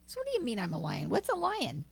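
A woman voicing a young male lion cub who believes he is a sheep, bewildered and protesting, his voice jumping high. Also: wildly swooping pitch, quick pace, creaky, breathy edge, exaggerated voice. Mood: indignant.

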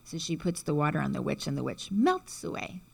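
Woman explaining stuff in a loose chatty way, keeps asking "right?", kinda low voice. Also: big pitch swings, brisk, vocal fry, husky. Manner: chatty, frequent "right?" checks, acts out quotes. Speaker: teacher explaining symbolism. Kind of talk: casual spiritual talk.

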